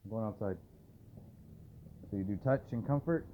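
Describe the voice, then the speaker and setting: A man, a dog trainer, filming a casual vlog at home at night and softly murmuring to calm his dogs between remarks to the camera. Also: lowish voice, moderate pace. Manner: soft, soothing murmurs to the dogs. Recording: tinny phone-like audio, faint hiss.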